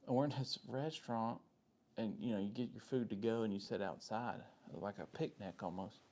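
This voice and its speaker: A man's voice: lowish voice, normal speed, a little mellow. A man with a Southern US accent hosting a casual live stream, rambling in a friendly way as he answers viewers' comments by name. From Southern United States.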